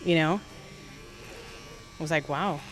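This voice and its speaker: A woman's voice: sits low, slow pace, a little hiss or hum. A woman barber in her forties telling stories in a casual interview, acting out the voices of the people in them. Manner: animated storyteller acting out quoted voices.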